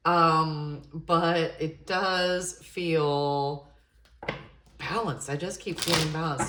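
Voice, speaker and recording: A woman reads tarot cards to camera at an unhurried, drawn-out pace, her voice sitting a little low. She muses hesitantly, then gushes with effusive delight. The sound is roomy and echoey, with a faint hum of room ambience behind her. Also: fairly even intonation. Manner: effusive, gushing exclamations; intuitive, musing with hesitant fillers. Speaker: tarot reader. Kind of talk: tarot love reading to camera.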